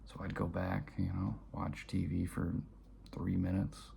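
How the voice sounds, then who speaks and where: Deep, gravelly-voiced man, softly spoken. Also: monotone, measured pace. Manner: soft-spoken, often dropping to a near-whisper. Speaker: vlogger. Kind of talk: personal storytelling to camera.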